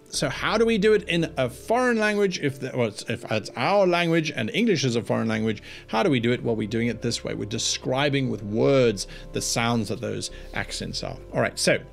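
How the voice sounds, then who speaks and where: A man who runs tabletop games, chatting casually and animatedly through tips, with rambling asides. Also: on the high side. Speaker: game master giving tips. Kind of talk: casual tutorial talk.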